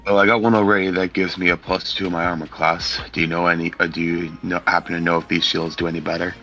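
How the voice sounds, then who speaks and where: A man with a very deep, forceful voice plays a tabletop game. He asks questions politely and in a measured way. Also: little pitch movement, soft background music. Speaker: player. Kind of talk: casual tabletop play.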